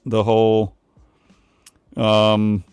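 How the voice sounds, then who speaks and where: A man's voice: lowish voice, monotone, darkish tone, clean tone, dry recording, clean studio sound. Joking man hosting a livestream. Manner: loose, joking, quick bursts. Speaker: livestream host. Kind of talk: casual livestream chat.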